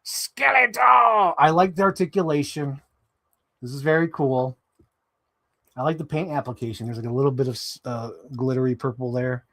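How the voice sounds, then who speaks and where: A man live streaming casually as he swaps parts on toy figures, talking in an animated way, swearing and jumping into high mock voices. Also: a little fast.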